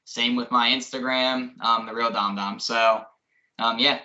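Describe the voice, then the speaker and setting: A man as a podcast guest, talking casually and hesitantly with many pauses. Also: mid-range voice, steady tone, bright, forceful tone. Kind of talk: casual chat. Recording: dull lo-fi audio.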